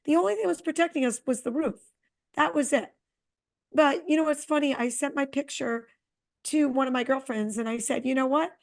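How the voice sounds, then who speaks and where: A middle-aged woman co-hosting a podcast, chatting casually and telling a long, animated travel story. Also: sits high, fairly quick, gravelly. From Connecticut. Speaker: podcast co-host. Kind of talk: casual chat.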